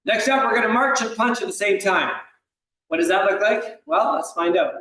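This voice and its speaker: A man's voice: high-pitched, normal speed, sharp tone. A man leading an exercise class, upbeat and encouraging, counting out reps and calling moves with a slight cough. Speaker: fitness instructor. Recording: echoey room, voice far from the mic.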